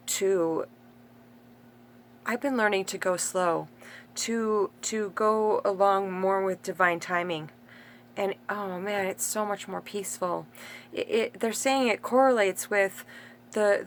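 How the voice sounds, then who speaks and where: A woman's voice: mid-range voice, a little hiss or hum. A woman acting as a spiritual teacher, talking in a meandering, self-interrupting way in a casual spiritual monologue with open emotion.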